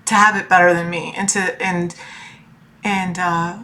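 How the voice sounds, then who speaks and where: A woman's voice: fairly low pitch, flat delivery, measured pace, sharp tone. A woman in her forties talking about her family in a personal vlog, emotional and rambling, full of fillers and restarts. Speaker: tarot reader and life coach.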